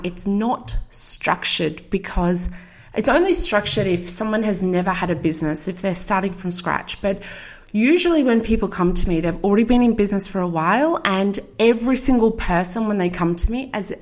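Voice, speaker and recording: A chatty, enthusiastic woman hosts her own podcast in a relaxed solo talk. She sounds middle-aged, with a mid-range voice and an upbeat, eager delivery. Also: mid-range voice. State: out of breath. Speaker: podcast host and marketing coach.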